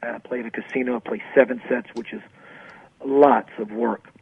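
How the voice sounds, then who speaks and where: A man, a spiritual author and interview guest, telling his experiences in an animated storytelling manner and acting out the quoted dialogue. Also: mid-range voice, moderate pace, gravelly, slightly rough. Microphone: phone. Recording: tinny phone line.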